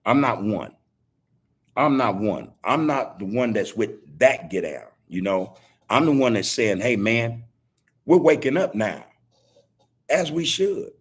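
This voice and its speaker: A man's voice: fairly low pitch, very animated, measured pace, husky. A man hosting a podcast, talking casually to his listeners, preachy and repetitive, full of street slang. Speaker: podcast host. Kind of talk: casual monologue. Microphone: video call.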